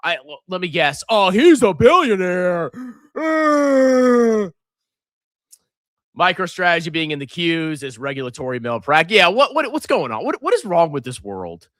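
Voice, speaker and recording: Finance host, male, mocking and loud; bright, high voice, dry close sound. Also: very animated, normal speed, no echo. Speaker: finance commentator. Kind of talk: reaction commentary reading comments.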